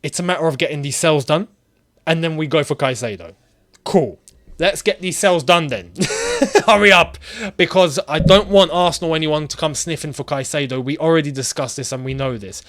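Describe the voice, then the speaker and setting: A man's voice: fairly high pitch, very animated, a little fast, fairly bright tone. A man hosting his own football channel, chatting casually and animatedly and laughing often. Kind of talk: casual football chat vlog.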